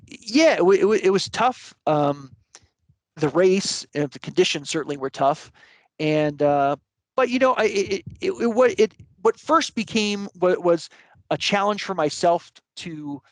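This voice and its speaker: Higher-voiced man telling a story, dry sound. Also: no room sound. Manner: rambling, many fillers and restarts. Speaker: interview guest. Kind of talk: casual storytelling.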